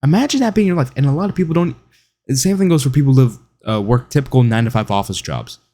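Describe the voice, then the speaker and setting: This online commentator has a warm, mid-range voice and talks fast and expressively in a monologue to camera. He's opinionated and mocking, occasionally imitating others with a whiny voice.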